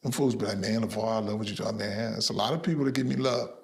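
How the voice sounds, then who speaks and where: A man's voice: fairly low pitch, fast talker, vocal fry. A middle-aged man, an interview guest, telling boastful stories and acting out the voices of the people in them. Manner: boastful, lively, acts out quoted voices. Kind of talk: animated storytelling in an interview.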